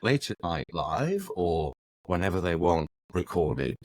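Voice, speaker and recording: A man's voice: sits low, very animated, measured pace, slight background noise. A man, a radio presenter telling stories with easy fluency as a guest. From West Yorkshire, England. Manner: fluent, anecdotal, broadcaster's ease. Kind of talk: conversational interview answers.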